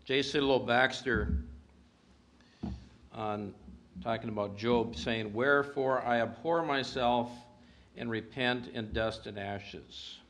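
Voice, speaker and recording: Guy preaching a sermon, earnest, gets loud then drops real quiet. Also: medium pitch, slow pace. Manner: earnest, reads scripture aloud with emphatic rises and hushed drops.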